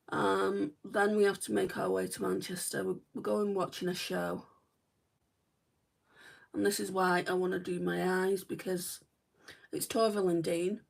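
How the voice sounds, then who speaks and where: A northwest England beauty vlogger with a northern English accent chats loosely through a makeup livestream, wandering off topic with lots of "right" and "like". Her mid-range voice is creaky, picked up by a distant mic.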